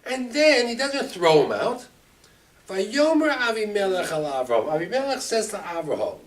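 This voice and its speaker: A rabbi teaching a Torah class, lively and expressive, acting out the quotes and mixing in Hebrew terms. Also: male voice, high-pitched, normal speed. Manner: animated, acts out quotes, mixes Hebrew terms. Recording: distant mic with faint room ambience.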